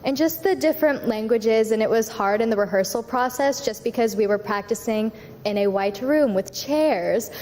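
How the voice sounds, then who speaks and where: Bright-voiced teen girl actor. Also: a little high, normal speed, a little hiss or hum. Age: teens. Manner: animated storytelling. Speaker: student actor. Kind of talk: talkback answer. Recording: reverberant auditorium.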